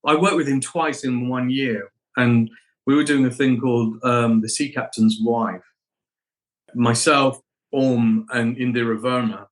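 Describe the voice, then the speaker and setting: A middle-aged man, an actor being interviewed, reflecting on his craft and telling animated anecdotes. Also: mid-range voice, a little slow, low-quality recording. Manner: animated anecdotes, acts out quoted voices.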